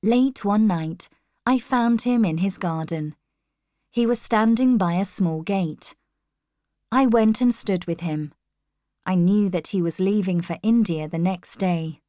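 A woman narrating a storybook in the first person, reading clearly and carefully. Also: mid-range voice, a little slow, mellow, no room sound, clean studio sound. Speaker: audiobook narrator.

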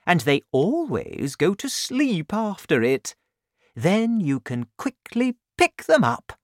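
A man voicing a kind village doctor over seventy for a storybook, who gets loud and worked up when outraged. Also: sits high, slow pace, no echo, clean studio sound, pitched above the performer's own voice, exaggerated voice. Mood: kindly. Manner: excitable, raises voice when outraged.

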